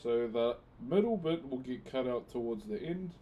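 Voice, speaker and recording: A man's voice: mid-range voice, lively intonation, normal speed, mellow, slight background noise. A man chatting casually on a live stream, thanking viewers by name and using Maori words. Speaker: live streamer and wood carver.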